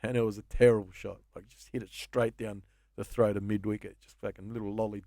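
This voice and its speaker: Man, 50s, Australian accent, rapid swearing storyteller, dry close sound. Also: on the low side, fairly even intonation, vocal fry, mellow, no echo. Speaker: guest comedian. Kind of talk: casual podcast chat.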